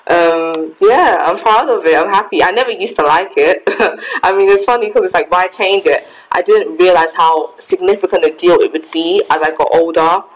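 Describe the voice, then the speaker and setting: Young woman, lowish voice, reflective, casual podcast chat, many fillers. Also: moderate pace, poor audio. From Ghana heritage, raised in England. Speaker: podcast co-host.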